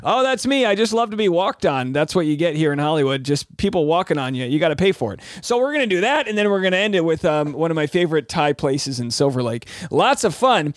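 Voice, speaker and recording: Upbeat high-voiced man, podcast host. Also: very animated, quick pace, few pauses, no echo, studio quality. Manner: upbeat, jokey, rambling asides. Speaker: podcast host and stand-up comic. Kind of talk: energetic solo podcast chat.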